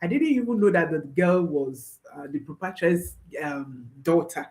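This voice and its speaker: A woman's voice: deep voice, lively intonation, measured pace, a little mellow. A woman parenting coach giving advice to viewers, emphatic, often repeating her phrases and checking in with a questioning "hmm?".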